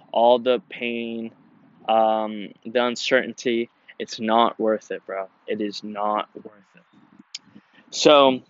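A young man hosting his own podcast outdoors, telling a story casually in a relaxed, slangy way with lots of fillers and restarts. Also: mid-range voice, no echo, dull audio. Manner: laid-back, slangy, many fillers and restarts. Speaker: podcast host. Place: outdoors in nature.

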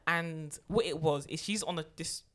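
A woman co-hosting a casual chat podcast, telling a story in an animated, emphatic way. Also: low-pitched, moderate pace. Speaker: podcast co-host.

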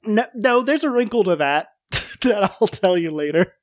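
A man's voice: high-pitched, animated, moderate pace, no echo. Chatty podcast host man, dry sound. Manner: chatty, filler-heavy, joking. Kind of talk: casual chat.

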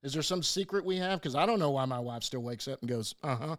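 A man's voice: mid-range voice, expressive, quick pace, fairly bright tone. A man hosting a casual interview, joking and laughing, often stumbling into his questions. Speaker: interview host.

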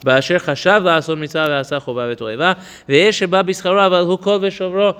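A man leads a study session on a religious text. He races through Hebrew passages, then explains them in English in a chatty way, tossing in "right?" as he goes. His voice is smooth and resonant, and it trails off in a long reverb. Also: high voice, steady tone, racing, a bit bright. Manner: chatty, asks "right?" often. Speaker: Torah teacher.

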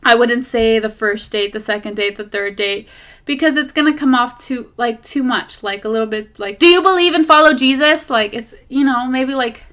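Podcast host, woman, casual and animated faith talk, drifts off topic, phone memo sound. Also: on the high side, moderate pace. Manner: rambling and animated, drifting off topic, lots of fillers.

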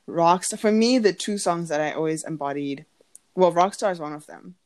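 Giggly young woman in a casual podcast chat. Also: normal speed. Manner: giggly, animated, lots of fillers, acts out quotes in a high voice. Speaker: podcast co-host.

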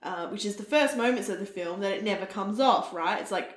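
A woman's voice: medium pitch, brisk, echoey room. A woman co-hosting a podcast, chatting casually about a film and laughing readily. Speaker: podcast co-host.

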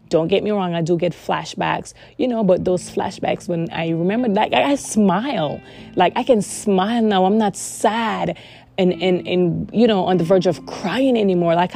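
Woman, low warm voice, earnest personal monologue, emphatic repetition. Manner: earnest, repeats words for emphasis. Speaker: vlogger sharing personal experience. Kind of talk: heartfelt casual monologue.

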